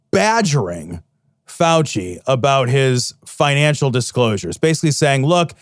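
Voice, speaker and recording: A man's voice: on the high side, dry recording, studio quality. A man co-hosting a podcast in a casual, profane, emphatic chat. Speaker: podcast co-host.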